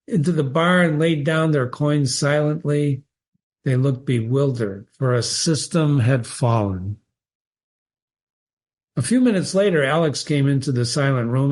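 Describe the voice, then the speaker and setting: A man reading a short story aloud and pausing to analyze it, with musing, thoughtful asides. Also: fairly high pitch, darkish tone. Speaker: literature teacher and reader.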